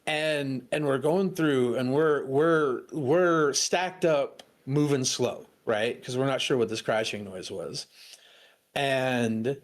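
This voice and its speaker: A man's voice: medium pitch, slow pace. A man guest on a stream, telling a laid-back story with swearing and frequent laughs. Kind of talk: casual chat on a stream.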